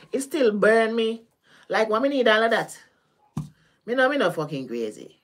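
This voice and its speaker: A woman with a Caribbean patois accent, a tarot reader chatting casually with her live-stream viewers, animated, laughing and swearing freely. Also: medium pitch, measured pace. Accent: Caribbean, Jamaican-style patois.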